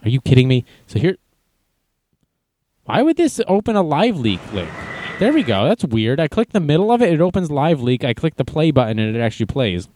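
A man's voice: fairly high pitch, sing-song, fairly quick, mellow. A man casually reading news aloud and adding wry, jokey asides as an online commentator.

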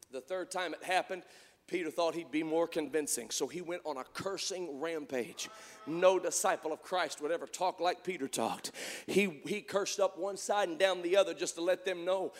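A man with a high voice preaches with fervor, telling the story and then calling out to the congregation. His voice rings with a long echo in a large church sanctuary. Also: moderate pace. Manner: fervent storytelling preaching, rising to shouts. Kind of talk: sermon.

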